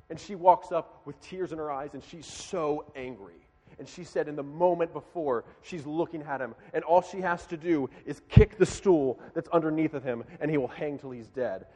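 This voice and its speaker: A man preaching a sermon, telling a story with dramatic swings from loud pleading to hushed, quiet lines. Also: a little high, in a large hall.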